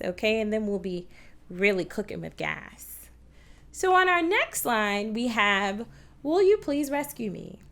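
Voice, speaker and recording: Woman, music teacher for kids, fairly high voice, patient, encouraging. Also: bright, forceful tone. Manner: patient, encouraging, addresses viewers at home. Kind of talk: kids' TV music lesson.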